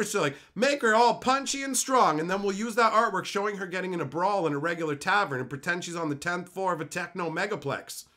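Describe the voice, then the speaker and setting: Animated, bright-voiced male streamer ranting. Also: high voice. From Canada. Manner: loud, animated, frequent swearing and laughing. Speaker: streamer answering chat. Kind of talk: profane live-stream rant.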